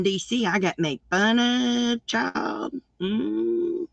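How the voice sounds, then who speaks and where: A woman with a Southern country accent, chatting casually and deliberately as co-host of a crochet live stream. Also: on the high side, sing-song, gravelly, no room sound, dull audio.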